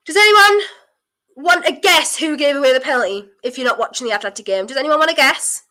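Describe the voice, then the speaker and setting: A young woman hosting a live football watchalong stream, reacting with elated, breathless excitement and chatting with her viewers. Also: high-pitched, brisk.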